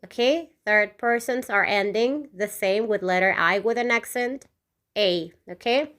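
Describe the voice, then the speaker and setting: Slow-paced woman teaching Spanish. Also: mid-range voice, fairly bright tone. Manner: repeats each word twice, frequent "okay?" check-ins; pronounces Spanish words slowly and clearly. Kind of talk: slow, repetitive language lesson.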